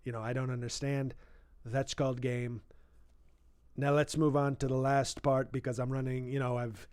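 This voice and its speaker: A boastful, rambling older politician , as a man puts him on in a comic impression, reading a book aloud and stopping again and again to brag about himself. The voice sits at a middle pitch and sounds close and dry, with no room around it. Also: level tone, moderate pace, a little mellow, clean tone, dry recording, natural voice. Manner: boastful, rambling, interrupts his own reading with asides.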